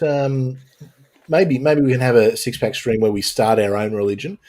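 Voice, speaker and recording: A man's voice: mid-range voice, steady tone, moderate pace, darkish tone. A man hosting a casual panel chat on a live stream, joking and sarcastic, with mock-serious bits, talking into a home mic on a video call.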